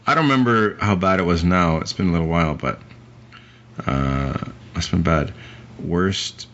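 A man's voice: sits low, normal speed, fairly bright tone. A man co-hosting a podcast, chatting casually and profanely about movies with rambling asides. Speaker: podcast co-host. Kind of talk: casual movie-review chat. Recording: muffled lo-fi recording with faint hiss.

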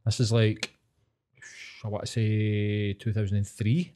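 A man's voice: on the low side, little pitch movement, dark tone. Sweary Glaswegian man telling stories. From Scotland. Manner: sweary storytelling with quick acted-out voices. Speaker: podcast co-host. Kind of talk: casual chat.

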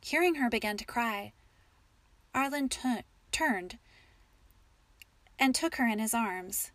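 A woman reading a story aloud as an audiobook narrator, in a calm, measured way. Her voice is a little high-pitched. The recording is close and dry, with no room echo at all.

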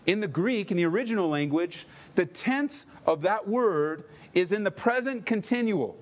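A middle-aged male pastor preaches with emphatic, animated delivery and throws in joking asides. His speaking voice sits fairly high for a man. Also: normal speed. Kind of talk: sermon.

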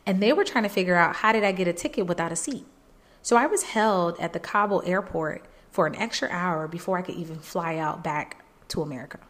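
Woman telling an emotional story, lowish. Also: fairly quick. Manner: emotional, animated retelling, jumps high when quoting people; faith-filled, earnest. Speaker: podcast host. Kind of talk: personal storytelling.

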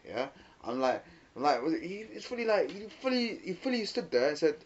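A young man in casual chat at an even pace, telling his stories with slang and quoted lines. The sound is slightly dull and muffled. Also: on the high side, a little fast. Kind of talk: casual storytelling.

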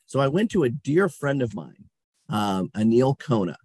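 This is a middle-aged man guesting on an interview, his voice slightly husky and recorded close and dry. He tells his stories with animation, laughing now and then and acting out quotes. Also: medium pitch, sing-song, moderate pace, a little mellow, dry recording. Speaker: guest, company CEO. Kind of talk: casual interview storytelling.

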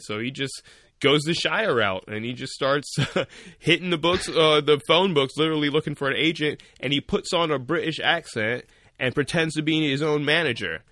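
A young man co-hosting a podcast, retelling a story in a rambling, animated way with lots of fillers. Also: medium pitch, moderate pace, no echo. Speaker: podcast co-host. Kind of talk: casual storytelling chat.

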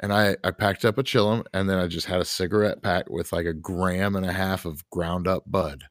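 A man's voice: low voice, fairly even intonation, fairly quick, no echo, clean studio sound. Laid-back man telling a rambling story. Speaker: podcast co-host. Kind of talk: casual storytelling chat.

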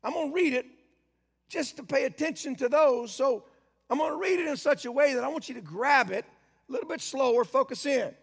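High, gravelly preacher in a reverberant church. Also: male voice. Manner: reads scripture slowly and emphatically, then speaks conversationally with asides. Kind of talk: sermon with scripture reading.

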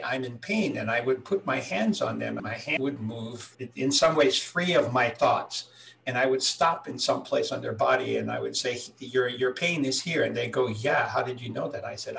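A man in his sixties from Hawaii, a healer answering interview questions in a calm, reflective way as he tells his story. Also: mid-range voice, vocal fry. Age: 60s. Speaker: guest, healer. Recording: voice a little distant from the mic.

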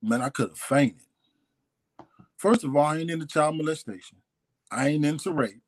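Man, slightly high voice, dry close sound; candid, halting testimony with repeats. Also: dry recording. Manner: confessional, hesitant, repeats himself. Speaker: guest telling his life story.

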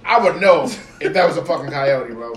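An animated young man, telling a story to friends with swearing and constant emphatic repetition. He sits back from the mic in an echoey room with faint noise behind him. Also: fairly high pitch, fairly quick, recorded from a distance, crowd noise. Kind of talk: casual storytelling among friends.

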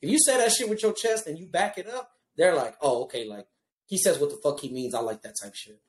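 Fast-talking, profane man telling stories. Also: on the high side, roomy sound. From Houston, Texas. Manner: profane, animated storytelling with many fillers. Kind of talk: casual storytelling chat.

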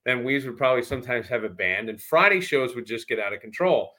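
A man and former radio host telling stories in casual chat, animated and acting out voices. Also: medium pitch, quick pace. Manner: animated storyteller who acts out voices.

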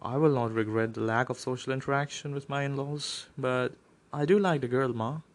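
A man's voice: medium pitch, moderate pace, natural voice. A man reading a headstrong young suitor. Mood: insistent. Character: impatient, headstrong young man set on marrying.

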